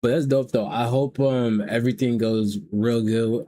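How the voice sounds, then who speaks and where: A man's voice: mid-range voice, fairly even intonation, moderate pace, few pauses, warm tone. A young man from the South, hosting a live stream and teasing strangers in casual, profane chat. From American South. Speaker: livestream host.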